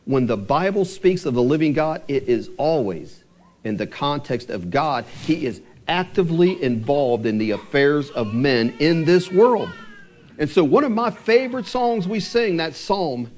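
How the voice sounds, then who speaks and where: A male pastor giving a sermon, asking the congregation rhetorical questions and slowing down for emphasis. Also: fairly high pitch, animated, a little mellow.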